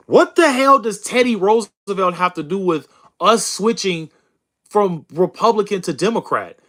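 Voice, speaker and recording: A young man runs a political stream in a combative, mocking rant aimed at his chat. His voice sits high and swings widely in pitch. He peppers his lines with bro and dude. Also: expressive, normal speed, pushed and bright. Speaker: host of a political livestream reading chat. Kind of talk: heated casual commentary.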